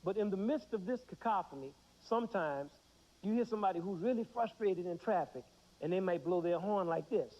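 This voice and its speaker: A man's voice: high-pitched, expressive, brisk, warm tone. A man in his thirties teaching a music lesson to children, asking the class questions and answering them himself. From United States. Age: 30s. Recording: dull 1990s TV broadcast.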